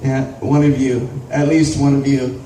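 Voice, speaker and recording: A man's voice: medium pitch, level tone, unhurried, dark tone. A man doing a stand-up set, wry and self-deprecating, chatting with the front row of a small club. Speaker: stand-up comedian. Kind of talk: stand-up comedy. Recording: echoey club, from far off, faint noise.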